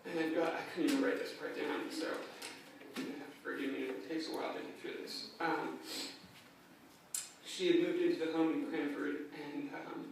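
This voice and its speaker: A man's voice: on the high side, fairly even intonation, normal speed. A young man giving a eulogy for his grandmother in a funeral chapel, telling stories casually with fillers. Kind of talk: anecdotal eulogy. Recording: echoey chapel, distant mic, faint noise.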